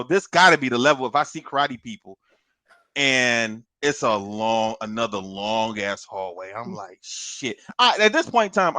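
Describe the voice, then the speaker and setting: This podcast co-host's medium-pitched voice sounds pushed and bright, with no room sound. Chatting casually, he spins a long story full of swearing and frequent laughter, performing what others said.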